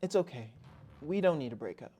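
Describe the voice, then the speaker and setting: A man's voice: expressive, brisk, warm tone. A man voicing a clingy young woman who pleads tearfully with her boyfriend not to leave. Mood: pleading sweetly. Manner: begging, high-pitched sobbing pleas.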